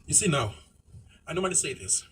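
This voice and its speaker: A South African man speaking fast and outspokenly while driving, dropping Zulu words into a casual opinionated monologue. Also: on the high side, big pitch swings, a bit bright, far from the mic, a little hiss or hum, poor audio. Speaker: vlogger. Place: inside a moving car.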